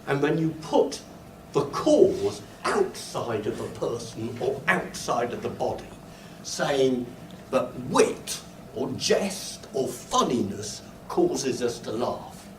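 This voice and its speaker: Speaking slowly in a mid-range voice with big pitch swings, an older man with a British English accent lectures at a university, animatedly spinning stories and acting out embarrassed asides of his own. A distant mic picks him up in the echoey lecture hall, along with faint noise and students laughing.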